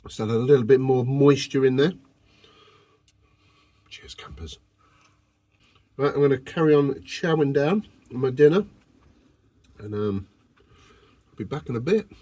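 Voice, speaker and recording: A man's voice: mid-range voice, normal speed, pauses often, mellow, no echo. A man, filming a casual camping vlog on his phone from inside a van. He talks to the camera in a cheeky, jokey way. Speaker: vlogger.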